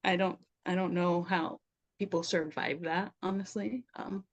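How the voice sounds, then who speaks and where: In a relaxed, reflective podcast conversation, a middle-aged woman who works as a somatic practitioner talks as a guest, often laughing and saying "like." Her lowish voice stays steady in tone, and she keeps a measured pace.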